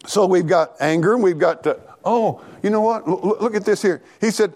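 A man preaching an animated, folksy sermon in church, talking back and forth with the congregation and laughing along. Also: sits high, brisk, hardly any pauses. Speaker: pastor.

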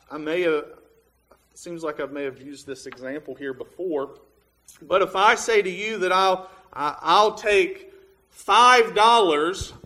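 Bright-voiced man teaching a Bible lesson. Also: sits high. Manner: plain, reasoning step by step with many fillers. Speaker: preacher.

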